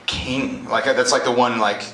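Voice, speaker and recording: A man preaching a lively, casual sermon to a college group, joking and then rising to emphatic peaks. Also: mid-range voice, unhurried. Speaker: pastor. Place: college event hall. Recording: live room echo, faint noise.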